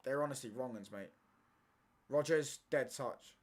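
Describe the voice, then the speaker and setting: A man's voice: mid-range voice, measured pace. A young man, chatting casually through a football watchalong stream in slangy banter, ending lines with "mate" and "bro".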